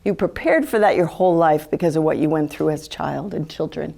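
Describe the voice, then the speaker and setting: Lively, chatty woman speaker, low voice. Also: a little fast, creaky. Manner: animated, chatty, acts out quoted thoughts. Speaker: speaker giving a talk on empathy. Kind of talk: live talk to an audience.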